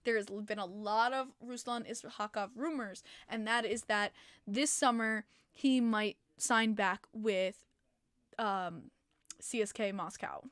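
A woman's voice: mid-range voice, slow, fairly bright tone, no echo, studio quality. A woman hosting a casual hockey podcast livestream, chatting with many fillers and laughing often. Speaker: podcast host.

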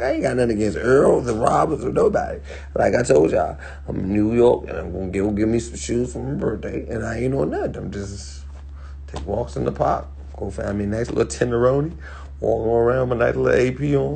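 A man's voice: mid-range voice, brisk, gravelly, a little mellow, slight background noise. A man from Washington DC in a heated, profane livestream rant into a phone, repeating himself.

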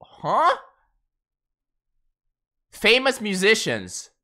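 A man streams a game, his high-sitting voice swooping wildly in pitch while he speaks very slowly. It's casual gaming chat full of exasperated, profane ranting, with frequent swearing and laughter.

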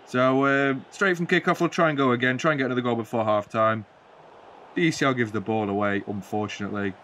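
A man's voice: medium pitch, fast, fairly bright tone, slight background noise. A man giving rambling, jokey play-by-play commentary on a football video game, breaking into mock-commentator flourishes. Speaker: gaming channel host.

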